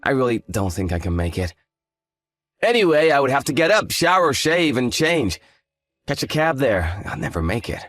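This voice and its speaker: A man's voice: mid-range voice, sing-song, normal speed, fairly bright tone, no echo. A man voicing an arrogant, hungover young fiancé who talks in a lazy, condescending, sarcastic way. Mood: dismissive. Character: arrogant hungover male fiancé, dismissive and smug. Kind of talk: scripted story drama.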